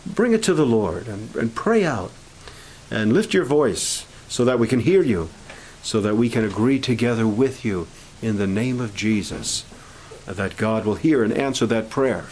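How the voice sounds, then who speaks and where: Halting preacher man leading prayer. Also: mid-range voice, expressive, a little mellow, a little hiss or hum, rough recording. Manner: halting, with many restarts, rising fervor. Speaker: minister leading a prayer meeting. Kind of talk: informal sermon and prayer request talk. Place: camp meeting room.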